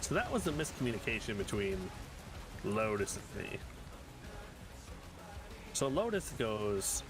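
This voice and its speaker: A man in his forties, a streamer telling animated, exasperated stories in casual chat while gaming, with some swearing. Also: lowish voice, a little slow, long pauses, music in the background.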